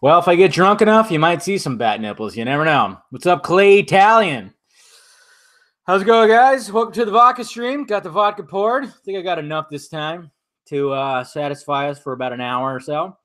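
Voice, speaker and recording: A man talks casually to his live-stream viewers while drinking, loose and a bit profane. His voice sits slightly higher than most men's. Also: animated, normal speed, a bit bright.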